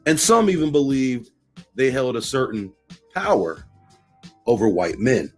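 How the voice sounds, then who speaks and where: A man's voice: mid-range voice, very animated, measured pace, soft background music. A man hosting a channel, reading a history book aloud with commentary and putting emphatic stress on quotations. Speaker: channel host.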